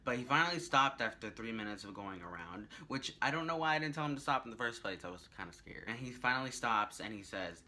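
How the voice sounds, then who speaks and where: Bright-voiced young man telling stories. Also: medium pitch, fast, few pauses. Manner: chatty, rambling, animated retelling. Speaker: vlogger. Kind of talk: casual storytelling vlog.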